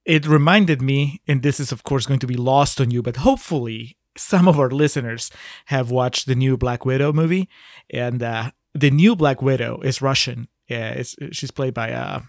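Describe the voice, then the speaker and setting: A man's voice: mid-range voice, moderate pace, dry recording, studio quality. A man co-hosting a casual movie podcast, critical and chatty, often laughing as he talks. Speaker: podcast co-host.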